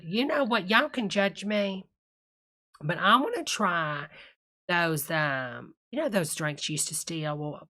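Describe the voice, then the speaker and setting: A woman's voice: low voice, bright, forceful tone. A woman doing a tipsy church lady host. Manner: gushing, calls everyone honey, drawling asides. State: tipsy from a cocktail. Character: gushing Southern church-lady streamer, middle-aged. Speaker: livestream host reading chat. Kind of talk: live reaction stream chatter.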